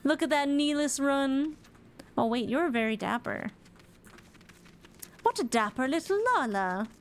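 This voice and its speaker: A woman's voice: high-pitched, expressive, a little slow. A woman streamer giving chatty, playful commentary as she plays a video game. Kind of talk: let's play commentary.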